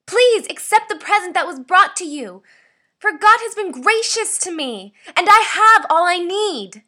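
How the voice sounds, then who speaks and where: Enraged woman, voiced by a woman, shouted, high and sharp. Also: sing-song, a little slow, heavily acted. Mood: furious.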